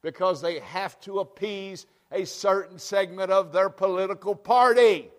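Fiery high-voiced preacher in reverberant church. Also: male voice, unhurried. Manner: fiery, swings from hushed to shouting. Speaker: pastor. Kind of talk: sermon. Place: church sanctuary.

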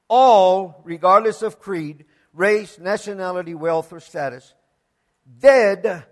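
A man preaching a sermon, emphatic, swinging from loud declarations to hushed asides and repeating words for emphasis. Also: high-pitched, slow pace. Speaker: pastor.

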